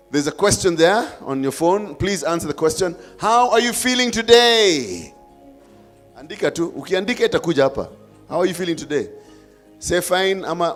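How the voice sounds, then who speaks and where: A man with a Kenyan accent hosting a live forum, coaxing and playful with the audience. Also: fairly high pitch. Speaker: event host.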